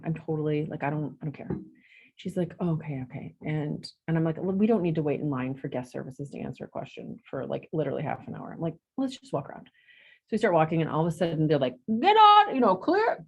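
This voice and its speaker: A middle-aged woman tells a story to her coworkers in a meeting room. Her voice sits a bit low but jumps high whenever she acts out what someone said. Her chat is casual and lively. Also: fast talker, vocal fry, slightly rough. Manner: animated, acts out quotes with big jumps in pitch. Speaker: real estate agent in coaching group.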